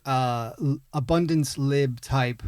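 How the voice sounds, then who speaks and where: Man, podcast co-host, mid pitch, wry, fading phrase ends, dry studio. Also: slow pace, darkish tone, clean tone, no room sound. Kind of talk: casual podcast chat.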